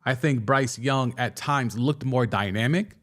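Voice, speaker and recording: A young man hosting a casual sports talk show, excitedly giving his takes and answering viewer comments, often restarting and stumbling over his words. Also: medium pitch, measured pace. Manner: excitable, with frequent restarts and stammers. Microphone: studio microphone.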